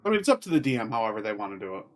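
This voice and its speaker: A man's voice: on the low side, sing-song, rapid-fire, slight background noise. A man player talks casually at a tabletop game, describing his character's actions with fillers along the way.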